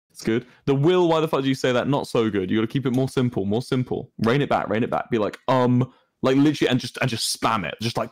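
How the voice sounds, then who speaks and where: A man's voice: mid-range voice, a little mellow, no room sound. A young British man chatting casually to a stream audience, mischievous and rambling with lots of fillers. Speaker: streamer's guest co-host.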